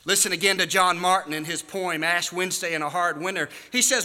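A man with a high, very bright voice preaches a sermon that rises to shouted cries and drops to near-murmurs. His voice rings out in a large hall with a long reverb. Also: a little fast. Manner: preaching with swings from hushed to shouted. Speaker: pastor.

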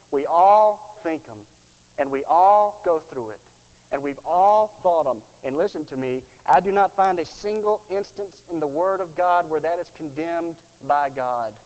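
A man preaching a funeral sermon with earnest feeling. He drops to a hush on tender lines. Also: on the high side. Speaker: pastor. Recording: muffled, reverberant hall.

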